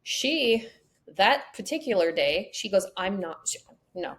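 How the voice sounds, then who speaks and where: A woman hosting a podcast in a relaxed, conversational way. She tells stories with a lot of life and acts out the voices of the people in them. Her pitch is in the middle of the range for a woman. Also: measured pace. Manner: animated storyteller acting out quotes. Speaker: podcast host. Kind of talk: casual conversation, storytelling.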